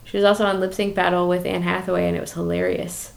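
A young woman co-hosting a movie podcast, playful and quick with asides in casual chat. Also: lowish voice, flat delivery, vocal fry. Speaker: podcast co-host.

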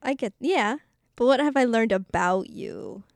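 On a podcast, a woman with a fairly high, expressive voice co-hosts at a measured pace, captured dry in a clean studio. She's giggly, reads listener questions aloud, and leans heavily on fillers like "um" and "like."

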